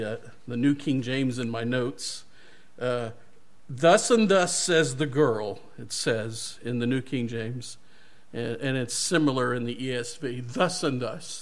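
A male pastor giving a sermon, retelling a Bible story animatedly and correcting himself as he goes. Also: medium pitch.

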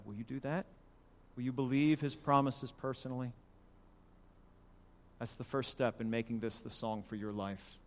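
A male pastor preaching a sermon, emphatic and swinging from loud declarations to hushed lines. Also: mid-range voice, in a large hall.

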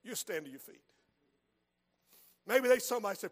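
Male preacher, very high voice, hushed stories breaking into shouting, long hall reverb. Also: lively intonation, normal speed, long pauses. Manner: swings from hushed storytelling to shouted exhortation. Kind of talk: sermon. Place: church sanctuary.

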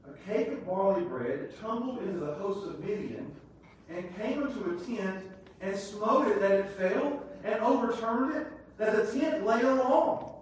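A man preaching a sermon, reading scripture aloud and retelling it in everyday words, swinging between loud, lively bursts and hushed asides. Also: high-pitched, unhurried. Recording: very echoey room, mic far off, faint noise.

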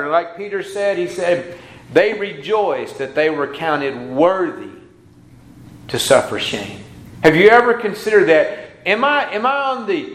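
Male pastor, high pitch, emphatic sermon delivery that swings from hushed to loud, roomy church sound. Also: sing-song, measured pace.

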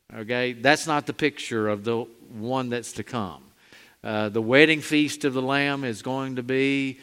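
A man preaching a sermon as pastor, earnest and emphatic, slowing down on key phrases with frequent "uh" fillers. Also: mid-range voice, a bit bright, clean tone. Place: church sanctuary. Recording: hall reverb.

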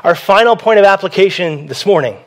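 High-voiced man preaching a sermon. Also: expressive, brisk, a little hiss or hum. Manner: conversational preaching that repeats key phrases. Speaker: pastor.

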